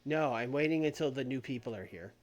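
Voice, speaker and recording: Expressive and a little fast, this mid-range voice belongs to a streamer casually chatting live while playing a wrestling booking game. They think aloud, laugh frequently and revise plans mid-sentence, with faint music in the background.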